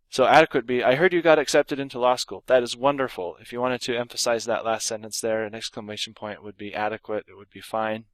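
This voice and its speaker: A man's voice: on the low side, fairly bright tone, dry recording. Dry-voiced man teaching grammar. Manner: explains with read-aloud example sentences, some fillers and restarts. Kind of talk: recorded lesson.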